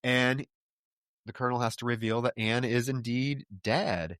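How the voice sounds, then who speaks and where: A man co-hosting a podcast, retelling a movie plot in a relaxed, rambling way. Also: medium pitch, moderate pace, smooth, dry recording, clean studio sound. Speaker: podcast co-host. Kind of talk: casual film recap.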